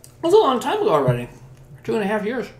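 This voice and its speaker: A man with a very high voice and huge pitch swings talks quickly on a livestream, in a roomy-sounding space. He reads chat aloud and trades loose, crude jokes while he eats.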